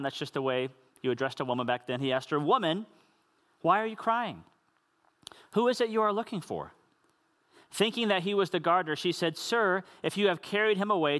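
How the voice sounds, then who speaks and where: A man's voice: high voice, a bit bright. A man preaching a sermon in an earnest, conversational way, with casual asides to the congregation. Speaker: pastor.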